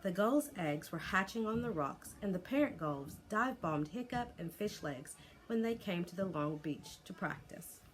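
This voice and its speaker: A woman with a lowish voice reads a children's chapter book aloud, lively and expressive. She reads like a teacher sharing a story with her class. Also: normal speed.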